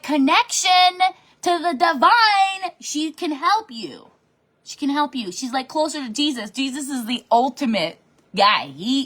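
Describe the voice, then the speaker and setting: Her voice sits high. She leads her sales team as a direct sales team leader, streaming an upbeat, animated pep talk from her home office desk and taking comments as she goes.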